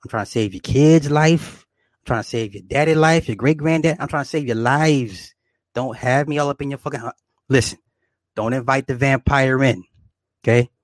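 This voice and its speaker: A man rants to his viewers in a boastful, profane, joking way and keeps repeating his points. His voice sits at an ordinary middle pitch. The sound is dry, with no room in it. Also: moderate pace, no echo. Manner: boastful, swearing, laughing often, repetitive. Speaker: vlogger. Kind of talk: profane comedic rant to viewers.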